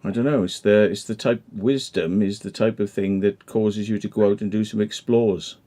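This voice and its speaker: Low, mellow man chatting. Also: steady tone. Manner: rambling, self-deprecating, quick to joke. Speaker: livestream host. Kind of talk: casual chat.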